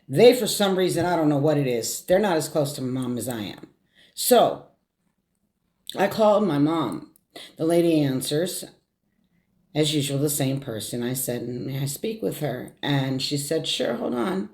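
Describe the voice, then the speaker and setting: A woman's voice: deep voice, animated, darkish tone. Middle-aged lady telling a sad story to her viewers, teary, keeps restarting her sentences. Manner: tearful, halting, repeats words while holding back tears. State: fighting tears. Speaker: vlogger. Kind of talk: emotional story time.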